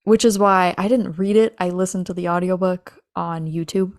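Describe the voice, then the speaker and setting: Gravelly young woman gushing on a podcast. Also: lowish voice, steady tone, normal speed, no room sound, clean studio sound. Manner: giggly, gushing fan talk. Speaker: podcast co-host. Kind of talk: casual chat.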